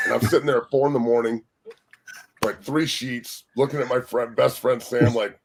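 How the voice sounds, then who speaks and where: A man, a former pro football lineman, telling loud, profane stories as a guest on a sports talk show. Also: mid-range voice, fairly even intonation, fairly quick, crowd noise. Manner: loud, profane, laughing storyteller. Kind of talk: casual storytelling.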